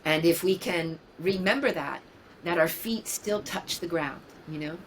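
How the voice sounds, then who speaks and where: A woman's voice: fairly low pitch, a little slow, a little hiss or hum, poor audio. A woman in her sixties from New York, a yoga teacher talking as an interview guest in an earnest, musing way, often repeating key phrases. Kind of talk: reflective conversational interview.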